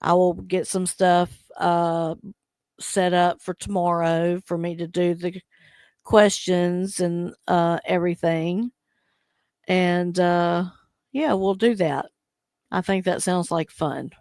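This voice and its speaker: Slow and steady, a woman with a lowish, darkish voice hosts a relaxed live stream, reading chat messages aloud, ribbing her viewers and laughing a lot. The recording is dry and of studio quality.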